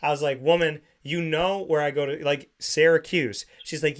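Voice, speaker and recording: Male talk show host, slightly higher voice, lively storyteller who acts out the quoted voices, casual chat on a studio mic. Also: moderate pace, hardly any pauses. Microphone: studio microphone.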